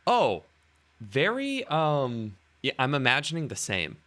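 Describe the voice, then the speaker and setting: A man on a podcast, rambling casually about a movie with halting restarts. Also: medium pitch, huge pitch swings, bright, forceful tone. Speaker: podcast co-host. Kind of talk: casual movie-review chat.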